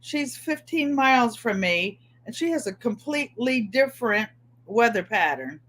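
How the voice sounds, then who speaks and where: A woman's voice: fairly high pitch, lively intonation, normal speed, fairly bright tone. A middle-aged woman hosting a casual livestream, greeting viewers by name and chatting about her week, often repeating her phrases. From Connecticut. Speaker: livestream host.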